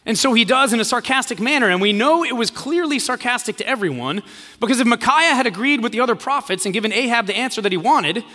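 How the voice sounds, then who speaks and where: A man's voice: extremely high pitch, pushed and bright. A man preaching a sermon, telling a story and acting out the quoted lines in a casual voice. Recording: long hall reverb.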